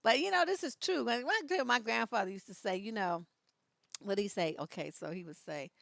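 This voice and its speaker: Sassy woman with a gravelly voice. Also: medium pitch, fairly quick, a bit bright, dry recording. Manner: laughs often, sassy reactions to viewer comments. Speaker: live stream host. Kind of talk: casual live stream commentary.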